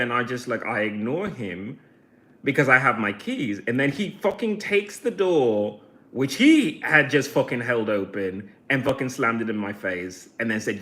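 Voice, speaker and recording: A man's voice: mid-range voice, expressive, a little slow, fairly bright tone. A man from Brazil ranting at his livestream chat, swearing heavily, telling a story and mocking people in put-on voices. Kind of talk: angry livestream rant.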